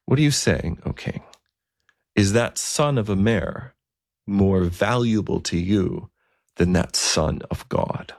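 A man voicing a gentle old bishop who speaks slowly and solemnly. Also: fairly low pitch, gravelly. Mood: gently reproachful. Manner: slow, measured and solemn.

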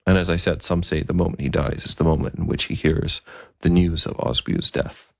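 A man with a very low, gravelly voice tells a story in a relaxed, conversational way. He adds asides and fillers as he goes. The sound is close and dry. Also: brisk, no room sound. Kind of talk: storytelling narration.

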